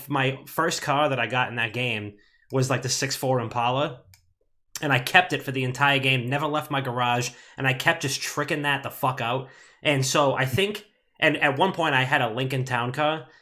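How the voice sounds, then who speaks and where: A man co-hosting a casual gaming podcast, telling rambling stories with plenty of swearing. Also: mid-range voice. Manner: animated, swearing, rambling storyteller. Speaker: podcast co-host.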